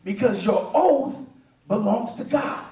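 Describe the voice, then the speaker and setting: A man preaching a sermon in a church, emphatic and often shouting, with a chanting "uh" between phrases. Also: very high-pitched, lively intonation, slow pace. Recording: echoey church, mic far off.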